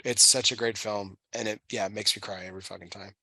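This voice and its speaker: A man in his thirties, a podcast host, chatting emotionally with halting restarts and casual swearing. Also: lowish voice, steady tone, bright, forceful tone, breathy edge, no room sound. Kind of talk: casual chat.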